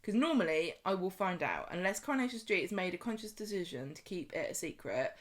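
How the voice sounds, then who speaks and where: A woman's voice: fairly low pitch, big pitch swings, a little fast. A woman co-hosting a podcast in a chatty, rambling, jokey way. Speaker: podcast co-host. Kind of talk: casual chat.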